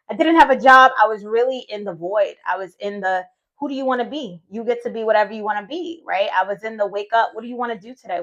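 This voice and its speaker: A woman's voice: fairly high pitch, fairly bright tone, dull audio. A woman in her thirties, a vlogger and retreat host, telling her own story in a chatty, heartfelt way and sometimes voicing her own past thoughts. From United States. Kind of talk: casual personal storytelling vlog.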